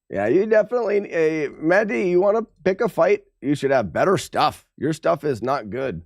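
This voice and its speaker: A man's voice: on the high side, expressive, moderate pace, hardly any pauses, dry recording, clean studio sound. A man streaming a game live, talking to his chat with playful trash talk. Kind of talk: live gameplay commentary to chat.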